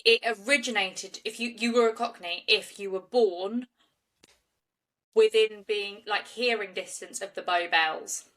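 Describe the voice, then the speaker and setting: A woman's voice: mid-range voice, measured pace, a bit bright. A woman, co-hosting a podcast and recounting a case in a chatty, loose style full of restarts. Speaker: podcast co-host. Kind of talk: casual true-crime storytelling.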